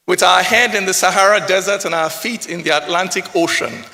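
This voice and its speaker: A man's voice: high-pitched, steady tone, moderate pace, gravelly, few pauses, pushed and bright. A man with a Nigerian accent performing spoken word poetry in a rhythmic, rising oratorical style, slipping into pidgin phrases. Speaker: poet. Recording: hall reverb.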